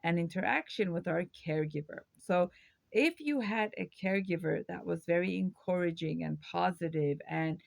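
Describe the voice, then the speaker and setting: A woman's voice: lowish voice, moderate pace, gravelly, no room sound. A woman hosting her own video, giving a reflective educational talk to camera and posing rhetorical questions. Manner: reflective, poses rhetorical questions, occasional fillers.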